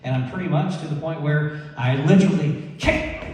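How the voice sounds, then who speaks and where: A man telling a lively personal story to an audience, laughing and acting out the people he quotes. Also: a little high, normal speed, a crowd in the background. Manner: animated, laughing storyteller who acts out quotes. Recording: echoey hall, mic far off.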